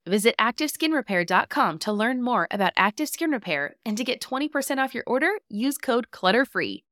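A woman's voice: on the high side, big pitch swings, fairly quick, fairly bright tone, dry recording. Brief woman host, friendly upbeat ad read, dry close mic. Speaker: podcast host.

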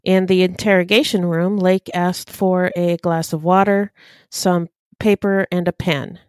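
A woman co-hosting a true-crime podcast, reading case notes in a steady, matter-of-fact way. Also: lowish voice, measured pace, clean tone, dry recording, studio quality. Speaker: podcast co-host.

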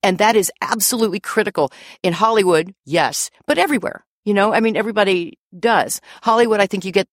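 A woman guest on a podcast, a lawyer and author, telling stories in lively, casual chat, laughing often and swearing freely. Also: mid-range voice, quick pace, no echo, clean studio sound.

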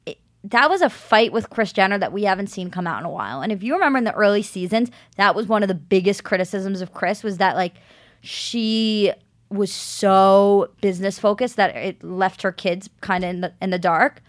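Young woman podcast co-host, casual, emphatic reactions, mid-pitched voice. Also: normal speed. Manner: emphatic, chimes in with reactions and commentary. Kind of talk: casual chat.

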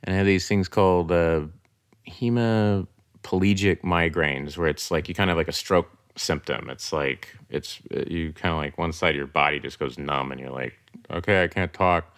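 Here is a man from Oklahoma chatting easily as a guest, scattering "you know" and "like" through his sentences. His voice is very low and deep, and it comes across clean and smooth. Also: moderate pace, no room sound, studio quality. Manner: relaxed, full of fillers like "you know" and "like". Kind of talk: casual interview conversation.

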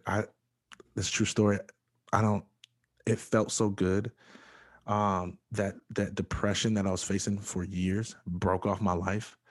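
Deep-voiced man telling a halting story. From Michigan. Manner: earnest, halting storytelling with many fillers. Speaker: interview guest. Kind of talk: personal testimony in conversation.

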